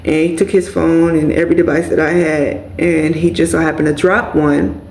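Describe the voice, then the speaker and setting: A woman's voice: low-pitched, level tone, moderate pace, a little mellow. A woman vlogger telling an emotional personal story in a casual way, speaking straight to her viewers as "y'all.". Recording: echoey room.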